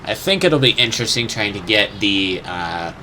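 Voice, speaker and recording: A man's voice: on the low side, expressive, moderate pace, bright, forceful tone, a little hiss or hum. Rambling young man narrating gameplay. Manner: rambling, unsure, swears casually, hums sound effects. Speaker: gamer. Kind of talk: casual gameplay commentary.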